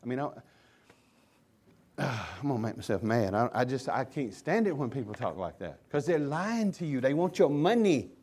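A man preaching a sermon as pastor, impassioned and swinging between loud emphasis and hushed asides. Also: mid-range voice, animated, brisk, few pauses.

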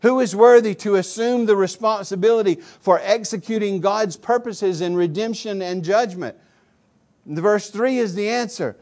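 A male pastor preaching a sermon, swinging between loud emphatic declarations and low quiet asides. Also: normal speed.

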